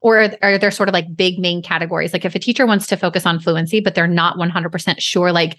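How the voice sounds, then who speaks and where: A woman's voice: lowish voice, fairly even intonation, quick pace, fairly bright tone. A woman hosting a podcast, asking enthusiastic, rambling questions. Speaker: podcast host. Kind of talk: casual conversational interview.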